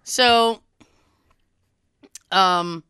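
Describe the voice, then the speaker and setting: A woman chatting casually, telling an animated family story and swearing freely. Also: medium pitch, drawn-out words, smooth, dry recording, studio quality. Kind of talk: casual chat.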